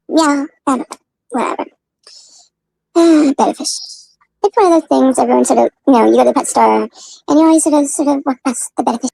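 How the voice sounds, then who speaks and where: A woman's voice: high-pitched, brisk, creaky, pauses often, mellow, poor audio. A woman chatting casually in a clip, rambling and laughing between phrases. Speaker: woman in a clip being reacted to. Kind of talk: casual chat.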